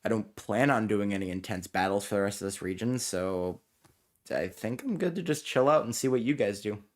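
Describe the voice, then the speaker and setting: Lively-voiced joking male player. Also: fairly low pitch, fairly quick. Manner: joking, laughs often, swears casually. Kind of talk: tabletop role-play banter.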